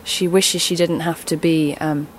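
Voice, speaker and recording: A woman's voice: low-pitched, steady tone, a little slow, slight background noise. An actress reflecting on her character in an interview clip, thoughtful. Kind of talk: interview soundbite.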